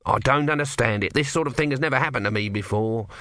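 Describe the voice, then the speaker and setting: A man's voice: mid-range voice, fast talker, pushed and bright, no echo, clean studio sound, lightly acted. A man voicing a grumpy male god trapped as a tortoise, petulant and offhand in an audiobook. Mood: sulky. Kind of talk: audiobook character voice.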